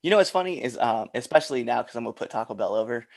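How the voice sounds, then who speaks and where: A man's voice: medium pitch, lively intonation, racing, gravelly. A man hosting a wrestling podcast, laid-back and laughing a lot in casual chat.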